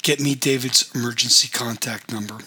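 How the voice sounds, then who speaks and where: A man reading the lines of a calm, businesslike male school administrator who takes charge. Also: medium pitch, brisk, slightly rough, exaggerated voice.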